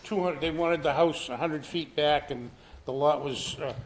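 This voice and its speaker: Man, board member, slightly high voice, casual interjections. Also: normal speed. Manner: conversational, interjecting.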